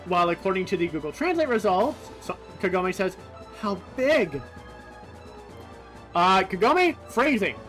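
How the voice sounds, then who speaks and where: Lively, chatty game streamer. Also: mid-range voice, fairly quick, few pauses, faint music behind. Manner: chatty, thinks aloud with fillers and swearing. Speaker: streamer comparing game translations. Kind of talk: casual commentary over gameplay.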